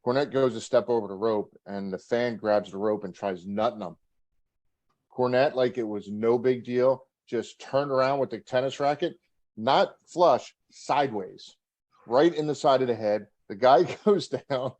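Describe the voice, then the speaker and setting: Medium-pitched with a darkish tone, this middle-aged man speaks at a measured pace. A former wrestler, he laughs through backstage stories in a casual interview and acts out the quotes.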